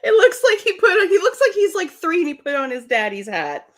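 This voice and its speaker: A woman's voice: extremely high pitch, very animated, a little fast. A woman with a Southern American accent, co-hosting a podcast in casual chat, giggly and full of playful asides. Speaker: podcast co-host.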